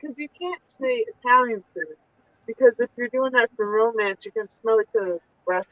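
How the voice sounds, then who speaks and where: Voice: mid-range voice, expressive, normal speed, no echo. A speaker with a mid-range voice who makes blunt, offhand remarks in casual chat. The sound is dry and slightly muffled.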